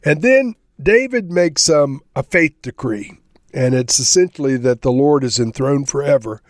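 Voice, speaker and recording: A man reading a psalm aloud and explaining it in a devotional teaching, unhurried, stressing the verses he reads. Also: mid-range voice, expressive, no room sound, clean studio sound. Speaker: Bible teacher.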